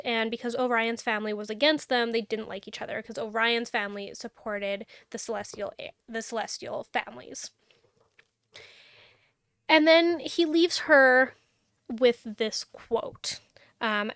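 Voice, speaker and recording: A woman's voice: on the high side, unhurried, fairly bright tone, clear, resonant tone, no room sound, clean studio sound. A young adult woman co-hosting a podcast, recapping a book in a rambling, sarcastic, casual way. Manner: rambling, sarcastic, filler-heavy. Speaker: podcast co-host.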